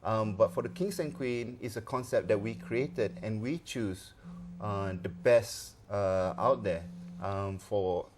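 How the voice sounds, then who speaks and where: A man's voice: lowish voice, slow, a little hiss or hum. A man being interviewed as a comedy show organizer, talking hesitantly with many fillers. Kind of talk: studio interview.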